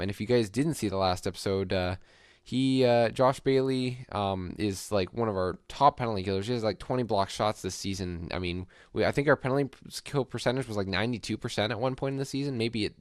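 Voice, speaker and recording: A man's voice: lowish voice, no echo, studio quality. A young man casually commenting as he plays a hockey franchise mode, rambling with lots of fillers and upbeat asides. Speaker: gaming YouTuber.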